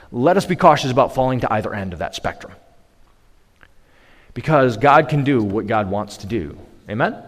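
A man preaching a sermon as pastor, emphatic, with sudden raised bursts. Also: fairly high pitch. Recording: long reverb of a large hall.

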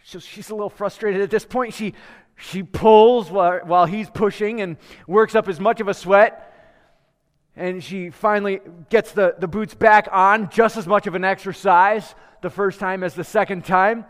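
A man's voice: sits high, steady tone, normal speed, in a large hall. A male pastor preaching to a live congregation in a church, praying, telling a story and asking the people questions in a conversational way. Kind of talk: sermon with prayer and storytelling.

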